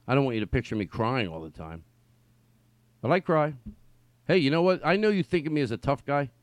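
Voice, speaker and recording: A middle-aged man hosting a comedic podcast in a studio, rambling and excitable, swinging between yelling and quiet mumbling. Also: on the high side, no echo. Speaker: podcast host. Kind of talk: loose comedic podcast talk. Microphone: studio mic.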